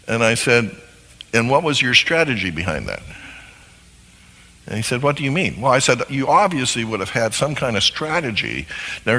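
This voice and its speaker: A man teaching on marriage as a counselor, sermon style, animated and acting out little scenes in different voices. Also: medium pitch. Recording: long hall reverb.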